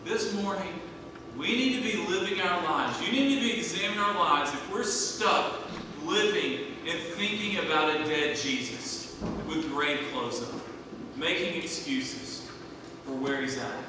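A man in his thirties preaching a sermon, swinging between hushed and loud, emphatic delivery. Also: high voice, measured pace, background noise. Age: 30s. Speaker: pastor. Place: church sanctuary. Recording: echoey church hall from a distant mic.

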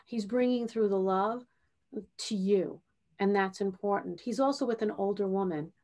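A woman hosting a podcast interview as a spiritual medium, speaking gently and reassuringly and often checking in with "okay?". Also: medium pitch, moderate pace. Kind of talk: podcast interview, giving a reading.

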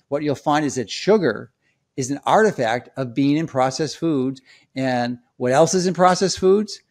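A man of ordinary pitch gives a health explainer in an emphatic, lecturing tone. He stresses key points and repeats them so they sink in. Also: vocal fry, darkish tone. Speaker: health commentator. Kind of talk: direct-to-camera explainer.

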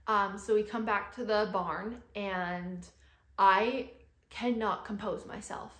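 A woman's voice: mid-range voice, steady tone, slow pace, fairly bright tone. Chatty young woman in a roomy space. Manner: chatty, heavy use of "like" fillers. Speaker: vlogger. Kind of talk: casual storytelling. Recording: roomy echo.

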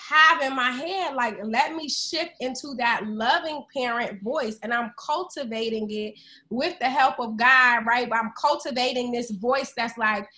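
A woman's voice: fairly high pitch, measured pace, pushed and bright. A woman who is a podcast guest, speaking earnestly and openly in a casual conversation with loose slang.

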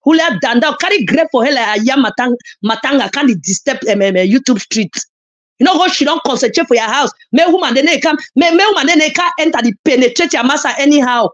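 This woman's voice sits high and sounds expressive and fast, though the audio is dull. With a Nigerian Pidgin accent, the social media commentator delivers a heated online rant against a rival, full of scolding, insults, and loud emphatic outbursts.

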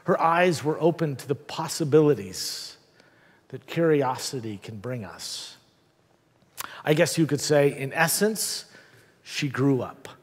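A male pastor preaches in a church, retelling the story with dramatic pauses and the odd wry aside. His voice sits a little high for a man. A long reverb hangs on each line. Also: animated, slightly rough. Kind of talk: sermon. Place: church sanctuary.

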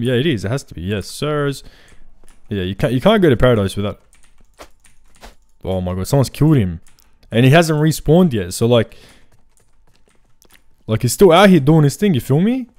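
A young man giving casual, excitable gameplay commentary full of slang. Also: mid-range voice, no room sound, clean studio sound. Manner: excitable, slangy, says "bro" constantly. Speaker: gaming video creator.

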